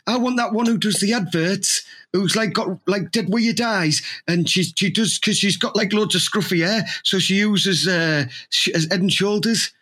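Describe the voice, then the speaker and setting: Husky, bright man. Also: high voice, moderate pace. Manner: rambling, laughing, crude. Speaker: podcast co-host. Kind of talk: crude comedy banter.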